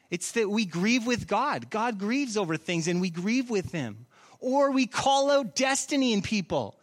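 A middle-aged pastor with a high voice, preaching to his church. He asks the congregation question after question in an earnest, searching way. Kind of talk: sermon.

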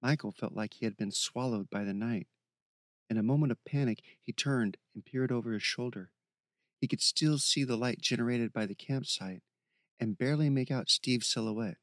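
Brief: male audiobook narrator, steady even reading, medium pitch, dead-dry booth sound. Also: normal speed, no room sound.

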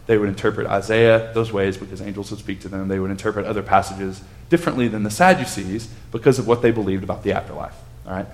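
Casual man teaching a bible study. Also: fairly low pitch. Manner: conversational, asks the group questions, reads scripture aloud with rising emphasis.

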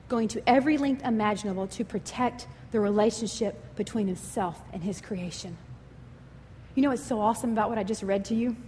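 A woman preaches in an animated storytelling way. Her voice sits high and bright in pitch. A long hall reverb trails each phrase. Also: a little hiss or hum. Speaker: speaker giving a devotional talk. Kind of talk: sermon with personal storytelling.

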